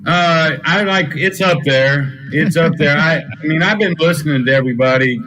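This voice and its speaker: A man's voice: fairly high pitch, normal speed, sharp tone, poor audio. A man from Texas with a Texas twang, a plain-spoken guest chatting on a live stream. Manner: folksy, plain-spoken, self-deprecating. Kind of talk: casual chat.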